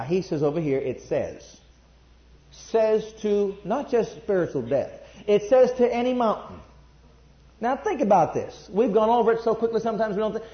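A man preaching a sermon, emphatic, jumping between loud bursts and quiet asides. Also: a little high. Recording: echoey room, dull lo-fi sound.

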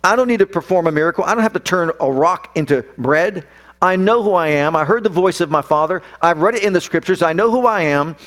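A preacher voicing Jesus as a calm but defiant man. He answers in firm, emphatic statements, and his voice sits a little high. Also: fast, faint music behind. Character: Jesus, calm, sure, commanding adult man.

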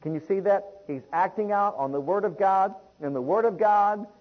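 Lengthy King James scripture readings fill this sermon, delivered by a man whose voice sits high and moves at a moderate pace. He calls out to his listeners, naming them beloved, and the sound is lo-fi.

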